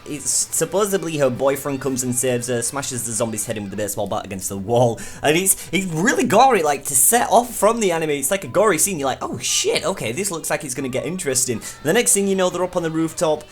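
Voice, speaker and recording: A man's voice: on the high side, lively intonation, quick pace, hardly any pauses. A young man talks through an anime in a casual review. His delivery is chatty and eager, full of fillers and restarts. Faint music plays under his voice. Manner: chatty and enthusiastic, many fillers.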